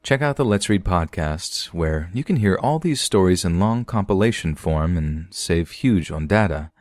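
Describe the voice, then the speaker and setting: A man narrating scary stories in a steady, even storytelling manner, as the host of a horror reading podcast. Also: low-pitched, normal speed, no echo. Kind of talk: scripted narration.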